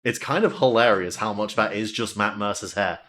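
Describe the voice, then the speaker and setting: A man streaming a game, giving casual, rambling, profane commentary with deadpan asides. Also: lowish voice, moderate pace.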